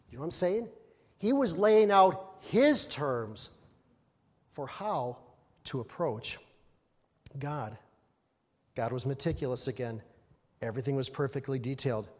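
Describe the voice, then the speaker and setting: A man preaching a sermon, lively and self-deprecating, who laughs at himself and bursts into loud exasperated asides. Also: slightly rough, big-room sound. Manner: animated, acting out exasperated quotes with sudden loud high outbursts; laughs at himself while talking. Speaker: pastor.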